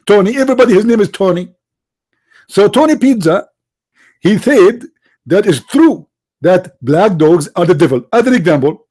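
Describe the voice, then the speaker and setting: A man's voice: high voice, a little mellow, pitched above the performer's own voice. A man voicing a silly, boastful caller persona in a mock-earnest, exaggerated delivery. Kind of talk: satirical put-on voice.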